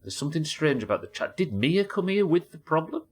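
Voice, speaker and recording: A man's voice: on the high side, very animated, a little fast, hardly any pauses, husky. A British man commenting on a horror game as he plays it live, musing aloud, reading notes and chatting with viewers. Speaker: streamer.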